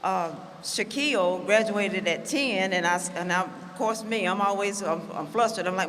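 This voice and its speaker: A woman's voice: on the low side, moderate pace, few pauses, a bit bright, slight background noise. A woman giving a chatty, self-deprecating keynote speech at a conference, with lots of fillers. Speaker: keynote speaker. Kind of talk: public speech. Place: conference hall. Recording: hall reverb, faint ambience.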